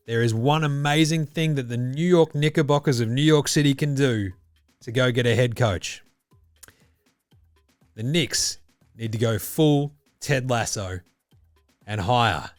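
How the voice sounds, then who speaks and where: A man's voice: medium pitch, slow, pauses often, no room sound, clean studio sound, faint music behind. A man with an Australian accent hosting a basketball podcast in casual, profane, blokey banter. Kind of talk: casual sports chat.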